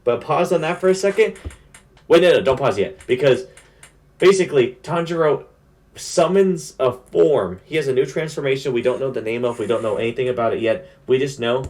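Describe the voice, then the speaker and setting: A young man recapping an anime in a casual spoiler review, excited and slangy with lots of fillers. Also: medium pitch, a little fast.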